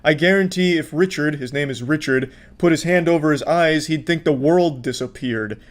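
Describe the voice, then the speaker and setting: A man's voice: fairly high pitch, moderate pace, background noise. A man giving sarcastic, profane reaction commentary on clips. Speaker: commentary host.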